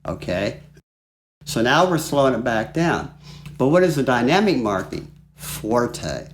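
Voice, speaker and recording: A man teaching flute in a relaxed, chatty way, walking through a piece and singing phrases aloud. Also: mid-range voice, a little slow, slight background noise. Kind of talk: music lesson. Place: home studio.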